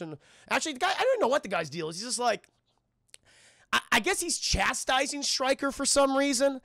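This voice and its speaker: Sarcastic gravelly young man streaming. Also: extremely high pitch, very animated, brisk, pushed and bright, no room sound, clean studio sound. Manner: sarcastic, rambling, swears freely, addresses the chat. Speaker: streamer, film reviewer. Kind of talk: casual spoiler review to a live chat.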